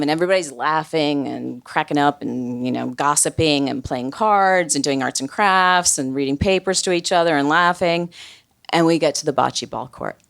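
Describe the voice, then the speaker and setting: Brief: low-pitched woman, wry live storyteller, chatty, filler-heavy delivery. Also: smooth. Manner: wry, conversational, many fillers.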